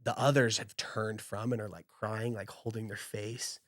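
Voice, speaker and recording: A man's voice: on the low side, flat delivery, normal speed, a bit bright, no echo, clean studio sound. A man running a tabletop game as game master, narrating scenes in a loose, descriptive way.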